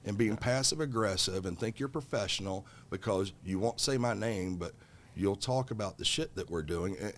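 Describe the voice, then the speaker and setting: A man's voice: fairly low pitch, moderate pace, slight background noise. A middle-aged man telling a story as a podcast guest, swearing freely and heated as he talks. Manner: profane, heated, animated. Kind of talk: casual storytelling.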